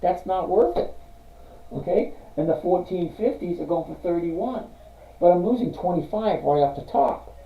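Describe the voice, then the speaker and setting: A man's voice: high-pitched, animated, normal speed. A middle-aged man hosting a casual livestream, chatting with viewers and reading out their comments. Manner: chatty, reads out viewer comments, apologetic refusals. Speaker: livestream host reviewing stocks. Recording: roomy, dull lo-fi stream audio.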